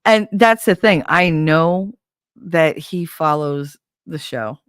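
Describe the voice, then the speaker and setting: A woman's voice: deep voice, slow pace, clean tone, no echo, studio quality. A middle-aged woman hosting a podcast, chatting casually with her live audience and ranting in a blunt, heated, profane way. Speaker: podcast host. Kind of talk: casual livestream chat.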